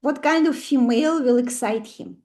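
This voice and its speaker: High-voiced woman with a Russian accent. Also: normal speed, darkish tone. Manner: chatty, asks the class many questions. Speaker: astrology teacher. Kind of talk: live online class.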